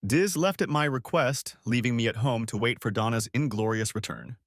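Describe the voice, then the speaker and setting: A man narrating a first-person story in an expressive storytelling manner. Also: medium pitch, normal speed, no echo, clean studio sound.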